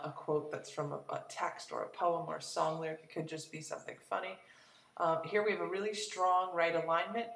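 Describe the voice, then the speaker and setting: A woman teacher walking a class through a lesson step by step, relaxed and explanatory, with frequent ums and uhs. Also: sits low, creaky. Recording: echoey room, voice from a distance.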